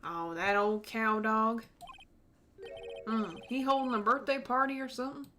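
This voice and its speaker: A woman's voice: on the high side, fairly even intonation, measured pace, bright, forceful tone, a little hiss or hum. A woman voicing a laid-back Southern cowboy lawman in a game, with a Tennessee drawl and folksy frontier sayings. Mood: lazy drawl.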